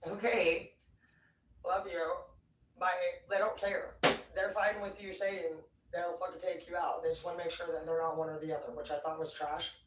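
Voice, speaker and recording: An excitable livestreamer rants in a loose, profane ramble, swinging from quiet asides to loud bursts. The voice sits at a middling pitch and sounds distant from the mic. A roomy echo and faint background noise fill the space around it. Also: normal speed.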